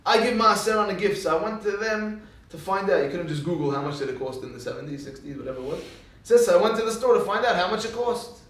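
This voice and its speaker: A man's voice: sits high, fast talker, hardly any pauses. A male rabbi giving a Torah lecture, telling stories animatedly and acting out what people said. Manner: animated storyteller who acts out quoted speech. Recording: echoey hall, speaker far from mic.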